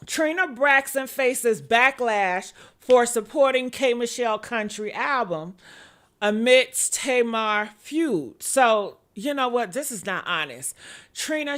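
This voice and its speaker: A woman hosting a live-stream celebrity gossip vlog, sassy and animated, calling her viewers honey. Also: on the high side. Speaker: gossip vlogger. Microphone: earpiece.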